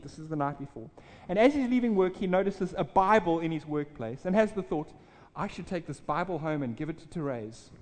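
A man, a pastor, telling a personal story in a sermon, earnest and full of restarts. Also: sits high. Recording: reverberant hall.

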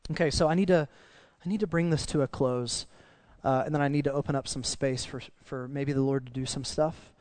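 Guy preaching, kinda high voice, chatty and earnest, dry close sound. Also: dry recording. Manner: conversational, earnest, dips soft in emotional parts. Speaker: pastor. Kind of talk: sermon with storytelling.

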